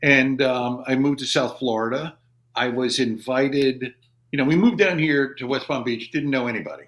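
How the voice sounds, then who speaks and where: A man's voice: medium pitch, moderate pace, fairly bright tone. 50s guy, army vet on a podcast, rambly storyteller, does little voices for people in his stories. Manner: rambling anecdotes, acting out quoted dialogue. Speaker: podcast guest, army veteran. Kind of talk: casual storytelling. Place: podcast studio.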